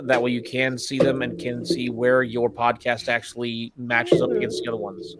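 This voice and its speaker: A man on a casual gaming podcast, plugging a tournament in a relaxed, halting way with plenty of fillers. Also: medium pitch, no room sound. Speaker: podcast co-host promoting a tournament.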